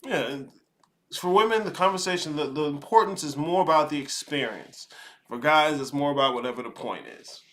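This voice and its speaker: A man with a fairly high voice lectures his listeners in a blunt, profane way. He talks like he is giving commentary, stressing points and brushing off feelings. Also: brisk, a bit bright. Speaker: host. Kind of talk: commentary over a played podcast clip.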